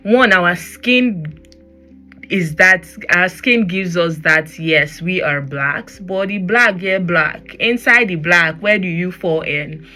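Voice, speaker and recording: A woman with a Nigerian accent talks her way through a casual podcast rant, her voice bright and forceful though sitting a little low. She drifts into pidgin and gets animated as she goes, with faint music behind her. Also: takes it slowly. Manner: animated, switches into pidgin, laughs often. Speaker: podcast host. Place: Germany.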